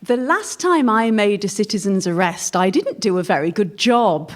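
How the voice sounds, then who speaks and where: Chatty woman with lively pitch. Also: normal speed. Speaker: panelist. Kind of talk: comic panel game monologue. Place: radio studio before an audience.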